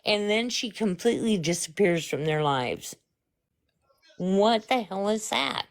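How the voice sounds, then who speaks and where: Woman on a live stream talking real slow, kinda suspicious, thinking out loud. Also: mid-range voice, lively intonation, creaky. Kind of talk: casual chat.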